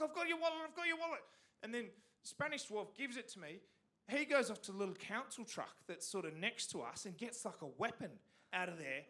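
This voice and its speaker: A man's voice: sits high, a bit bright. An Australian man telling a rambling, profane stand-up comedy story on a theatre stage.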